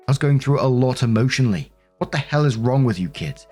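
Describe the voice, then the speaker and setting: A man's voice: mid-range voice, expressive, a little fast, a little mellow, breathy edge, faint music behind. A man voicing a self-pitying, defensive middle-aged mother who complains in a whiny, indignant, sarcastic way.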